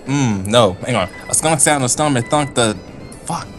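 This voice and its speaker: A man with a mid-pitched, very lively voice chats with friends on a stream. He makes fun of himself and swears through his slips. Faint music plays behind him. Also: moderate pace. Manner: self-mocking, swears and laughs when he slips. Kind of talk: casual group chat on a livestream.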